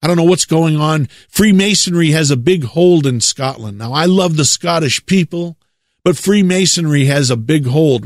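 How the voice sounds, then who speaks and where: American guy preaching, kinda high voice, drags out words for emphasis, dry close sound. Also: dry recording. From United States. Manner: emphatic, drawn-out stresses, repeats words for effect. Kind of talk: preaching monologue.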